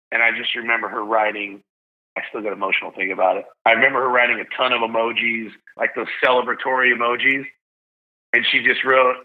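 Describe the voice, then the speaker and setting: A man's voice: mid-range voice, moderate pace, long pauses. Guy in his 30s retelling a big win, fired up, kinda dull lo-fi audio. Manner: animated, shouts when reliving big moments. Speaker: guest, stadium PA announcer. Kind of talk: emotional storytelling in a podcast chat. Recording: slightly dull lo-fi sound.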